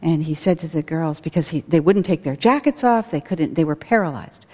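A woman's voice: sits low, animated, fairly quick, mellow. A woman who directs a school, giving an earnest spiritual talk with stories. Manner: earnest, storytelling with acted quotes. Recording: long hall reverb.

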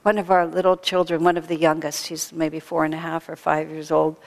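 A woman's voice: low voice, monotone, fairly quick, gravelly, darkish tone. A woman giving a spiritual talk, telling stories with laughter and acting out quotes. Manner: storytelling with laughter and acted-out quotes. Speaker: spiritual speaker. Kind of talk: sermon. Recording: long reverb of a large hall.

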